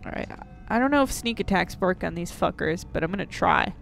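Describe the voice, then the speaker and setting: A young woman giving gameplay commentary at a desk microphone, swearing constantly and breaking into angry shouted outbursts. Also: fairly low pitch, animated, fairly quick, vocal fry, faint music behind. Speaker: let's play host.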